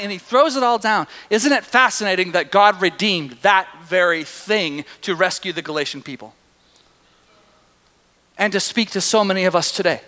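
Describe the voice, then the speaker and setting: A male pastor with a high, bright voice delivers an animated sermon. He swings from hushed asides to loud, excited bursts, and the long reverb of a hall trails every phrase.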